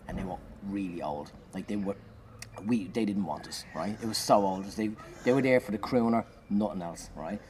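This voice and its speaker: A man, a comedian, telling an animated anecdote in conversation, swearing and shouting out the lines he acts. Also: fairly low pitch, moderate pace. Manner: animated, swearing, loud acted-out bursts. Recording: noisy background.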